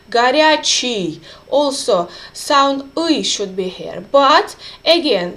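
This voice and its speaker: A woman's voice: sits high, a bit bright. A woman teaching a beginners' grammar lesson, carefully spelling out word endings and repeating example words. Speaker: Russian language teacher.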